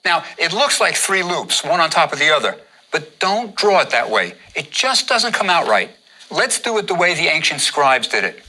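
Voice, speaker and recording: A man's voice: a little high, very animated, normal speed, bright, forceful tone, poor audio. A man teaching how to draw hieroglyphs, giving patient step-by-step instructions and repeating each step. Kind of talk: step-by-step drawing lesson.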